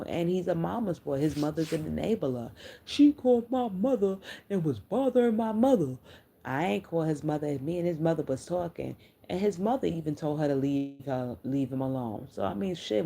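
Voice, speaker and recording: Her voice is deep, creaky, and warm: a middle-aged woman livestreamer chatting casually with her audience. She tells candid stories in a blunt, profane way and talks back to viewers' comments.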